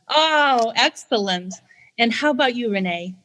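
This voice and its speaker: A woman hosting a podcast interview, greeting guests with enthusiasm. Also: a little high. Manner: warm, enthusiastic welcomes. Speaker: podcast host.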